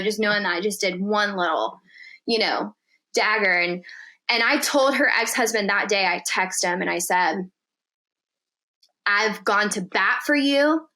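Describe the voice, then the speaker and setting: On a podcast, a female guest spins a story in relaxed conversation, lively and foul-mouthed, performing the quoted lines. Her voice sits in the mid range.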